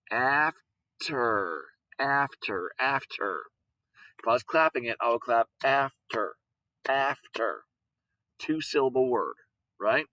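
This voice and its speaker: Slow, patient man teaching a lesson. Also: medium pitch, sharp tone, no room sound, rough recording. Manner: slow, patient, repeats words and sounds them out. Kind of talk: recorded classroom lesson on syllables.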